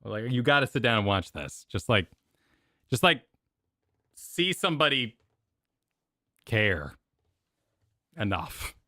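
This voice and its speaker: A young man reacting on stream in loose, rambling bursts, circling back over his own words. His pitch swings widely as he gets excited. The sound is close and dry. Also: a little slow, long pauses, no echo. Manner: rambling, animated, full of restarts and filler. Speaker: streamer reacting to event videos. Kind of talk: casual reaction chat.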